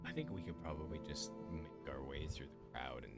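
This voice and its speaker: Deep-voiced hesitant player. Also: male voice, a little fast, loud music behind the voice. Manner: hesitant, with many fillers. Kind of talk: casual game talk.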